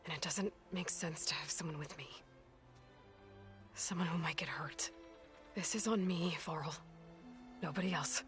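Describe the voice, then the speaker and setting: A driven young game heroine, lowish voice, hushed and firm. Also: female voice, measured pace, pauses often, faint music behind. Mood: resolute. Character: determined young woman hunter, blunt.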